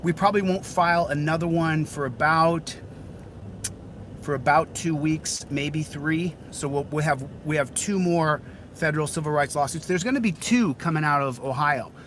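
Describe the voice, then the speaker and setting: A man's voice: a little high, normal speed, fairly bright tone, slight background noise, poor audio. A man hosting a casual livestream outdoors, hot and sweating, talking in a rambling way with many repeated phrases. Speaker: livestreaming channel host. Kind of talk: casual live-stream chat.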